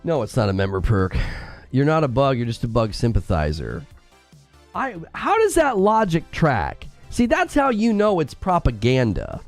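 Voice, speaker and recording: A man's voice: medium pitch, wildly swooping pitch, moderate pace, faint music behind. A man hosting a casual live game stream, bantering playfully and teasing his chat from a room at home. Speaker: gaming streamer.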